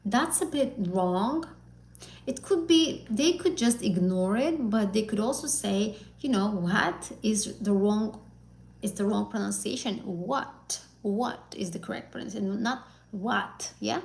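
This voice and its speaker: A woman's voice: medium pitch, a little slow, creaky, a little mellow, echoey room, rough recording. A woman teaching an exam prep lesson on a live stream, talking casually and encouragingly with fillers and self-corrections. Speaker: IELTS teacher.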